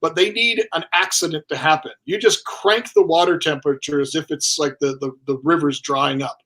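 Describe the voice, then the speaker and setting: A man appears as a guest on a casual livestream and explains his hobby at length. He talks in a wry, chatty way. His voice sits a little high for a man. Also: fairly even intonation, fairly quick, a bit bright. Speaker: guest aquarist.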